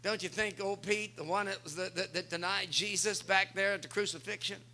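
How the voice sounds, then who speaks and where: A man's voice: high voice, fairly even intonation, brisk, bright, forceful tone. A male pastor preaching a sermon, speaking with emphasis and turning often to address the congregation.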